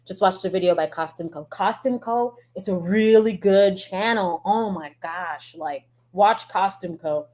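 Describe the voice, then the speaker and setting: A woman from the United States chatting casually as a reaction streamer, blunt and profane, quick to laugh. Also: mid-range voice, darkish tone. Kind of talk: casual ranting reaction chat.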